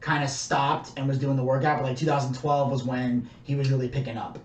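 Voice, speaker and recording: A man's voice: mid-range voice, flat delivery, brisk, a little mellow. A man co-hosting a podcast, telling a story casually with lots of fillers and swearing. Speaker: podcast co-host. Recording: echoey room, distant mic.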